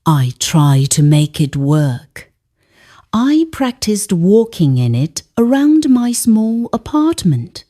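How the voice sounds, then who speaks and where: A woman narrates a first-person moral tale with gentle, heartfelt expression. Her voice is warm and mellow, and she moves through a wide melodic range. She takes her time. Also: fairly high pitch. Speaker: storyteller.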